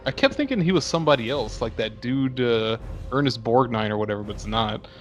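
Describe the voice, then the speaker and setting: A man's voice: medium pitch, expressive, a little fast, faint music behind. A man co-hosting a casual movie review podcast, rambling with lots of "like" and swearing. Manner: rambling, filler-heavy, profane. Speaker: podcast co-host.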